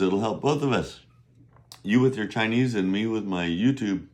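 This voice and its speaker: A man's voice: lowish voice, moderate pace, darkish tone. A middle-aged man teaching a casual video lesson on Chinese, chatty and rambling, often checking in with "right?".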